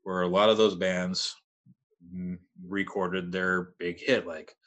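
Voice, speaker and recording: A man's voice: low-pitched, level tone, takes it slowly, a bit bright. A man in his thirties, a podcast guest, telling stories in a rambling, laid-back way. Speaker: podcast guest, metal vocalist. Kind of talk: casual storytelling chat.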